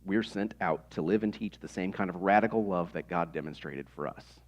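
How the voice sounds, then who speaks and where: A man in his thirties preaches a sermon, his voice sitting fairly low. He talks to the congregation conversationally and leans on rhetorical questions. The church recording is dull and lo-fi. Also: moderate pace. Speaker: pastor.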